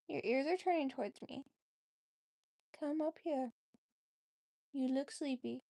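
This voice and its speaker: Woman vlogger, giggly, coaxing pets in baby talk, slow and lilting, dry close sound. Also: high voice, vocal fry, mellow, no room sound. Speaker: vlogger, cat owner. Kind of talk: casual chat with her pets.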